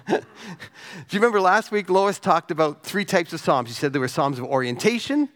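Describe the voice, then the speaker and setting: Delivering a sermon in a high-pitched, animated voice, a man reads scripture slowly and softly before moving into conversational talk and questioning the congregation.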